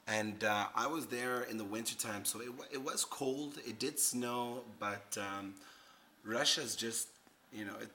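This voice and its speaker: A man's voice: fairly low pitch, pushed and bright, a little hiss or hum. A man hosting a casual vlog, rambling through travel photos and repeating words. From Canada. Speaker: host.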